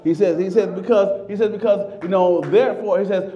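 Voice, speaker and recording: A man preaching a sermon, stumbling over repeated words, then shouting and stretching out scripture lines. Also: high-pitched, fairly quick, lo-fi sound. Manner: animated, shouting scripture with repetitions.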